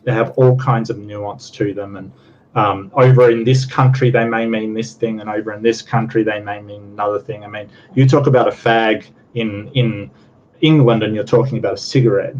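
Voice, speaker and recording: A man's voice: lowish voice, steady tone, moderate pace. A man in a casual panel debate argues his point with emphasis, stumbling through repeated words as he builds up his argument. His voice sits in a middling range. It comes through dull, lo-fi audio with a faint hiss. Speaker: panelist on a skeptic discussion show.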